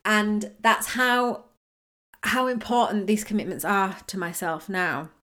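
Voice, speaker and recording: A woman's voice: medium pitch, fairly even intonation, takes it slowly, fairly bright tone. A woman hosting a solo podcast on manifesting, talking in a chatty, rambling, self-mocking way. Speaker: podcast host.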